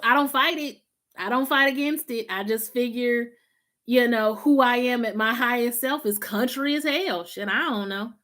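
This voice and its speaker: La-raised woman w a country drawl, kinda high voice, slangy chill livestream chat, laughs a lot. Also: a bit bright. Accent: Southern US country drawl. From Los Angeles, USA. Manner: chatty and informal, slangy, laughs often. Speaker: host of a spiritual live stream. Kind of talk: casual live-stream chat.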